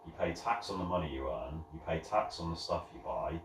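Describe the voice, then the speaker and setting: A man's voice: very deep voice, lively intonation, fairly quick. A young man, chatting on a podcast, opinionated and swearing casually. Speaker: podcast co-host. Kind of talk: casual chat. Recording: echoey room, mic at a distance, faint noise.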